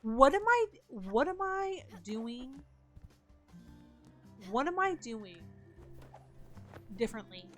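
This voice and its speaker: A woman with a high, bright voice streams a game live over a headset mic. She chats casually with viewers, thanks them warmly by name, and swears in exasperated bursts when the game goes wrong. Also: very animated, slow pace, pauses often, soft background music. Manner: profane, exasperated outbursts; thanks and greets chat members.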